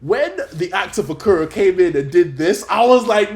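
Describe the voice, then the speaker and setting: A young man hosting a casual fan chat show. His voice sits a little high for a man. He sounds excitable and animated, and laughs often. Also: normal speed, hardly any pauses. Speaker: host.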